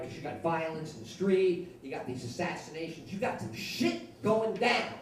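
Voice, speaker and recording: Profane, animated stand-up comic. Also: male voice, high-pitched, recorded from a distance, slight background noise. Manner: profane, rambling, animated storytelling. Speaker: stand-up comedian. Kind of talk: stand-up comedy set. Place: comedy club stage. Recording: echoey club recorded from afar.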